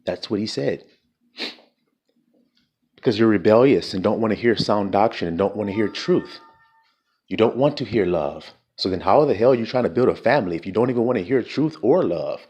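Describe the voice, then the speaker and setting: A man's voice: fairly low pitch, expressive, fairly quick, a little mellow, husky, lo-fi sound. A man preaching an informal sermon, blunt and profane, firing rhetorical questions at his listeners.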